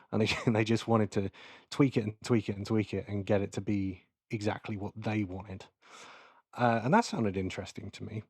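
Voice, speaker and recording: A man giving a relaxed, chatty keynote to a live audience in a lecture hall, full of ums and asides. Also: lowish voice. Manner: chatty and informal, with frequent fillers. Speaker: keynote speaker. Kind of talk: casual conference keynote.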